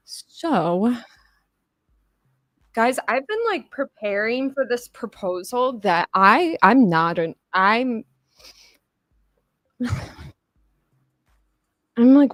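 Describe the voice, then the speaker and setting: A woman's voice: mid-range voice, dry recording. A young adult woman chatting casually on a livestream, rambling, swearing and laughing as she talks. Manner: rambling, profane, laughing often. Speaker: livestream host.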